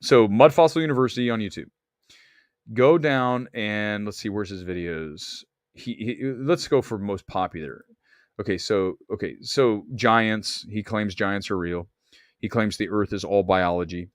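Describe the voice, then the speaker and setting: A man hosting a movie talk livestream, rambling excitably while he stalls and searches on his computer. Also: lowish voice, unhurried, no echo, studio quality. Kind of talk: casual livestream chat.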